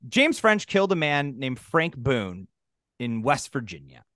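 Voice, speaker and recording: Dude cracking crude jokes on a podcast, voice swings all over, dead dry mic. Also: male voice, medium pitch, very animated, measured pace, a bit bright, no room sound. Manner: loose, profane, jokey. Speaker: podcast co-host. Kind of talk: casual comedic banter.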